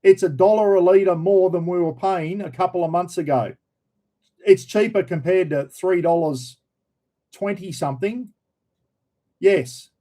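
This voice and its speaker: A man's voice: sits high, mellow, poor audio. A man with an Australian accent, casually chatting on a livestream and answering viewer comments in a blunt, opinionated and slangy way. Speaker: livestream host.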